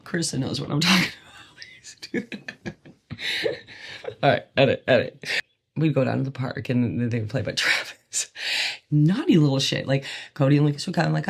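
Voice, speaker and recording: Gravelly, husky woman telling stories. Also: sits low. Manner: laughs often, swears casually, rambling asides. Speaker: podcast host. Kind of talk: candid personal storytelling.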